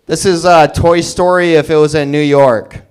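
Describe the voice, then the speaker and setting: A man's voice: on the high side, fairly even intonation, normal speed, smooth. A man doing stand-up, delivering one-liners and chuckling at his own jokes. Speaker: stand-up comedian. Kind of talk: stand-up comedy.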